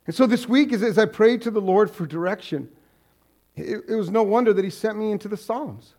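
Earnest high-voiced male pastor preaching. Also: a little fast, darkish tone. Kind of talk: sermon.

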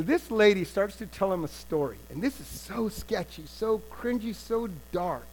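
A man with a high-pitched voice preaches a sermon, retelling a story with animated delivery that swings between loud and hushed. The audio quality is poor.

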